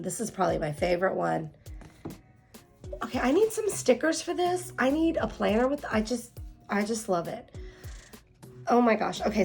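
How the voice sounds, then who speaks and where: A young woman chatting casually as she unboxes planner supplies, gushing and excitable, with lots of fillers and exclamations. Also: mid-range voice.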